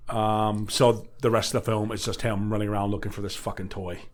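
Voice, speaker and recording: A man's voice: lowish voice, flat delivery, brisk, crowd noise. A man on a podcast recapping a film in casual chat, swearing often, laughing a lot and acting out the characters' lines. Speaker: podcast co-host.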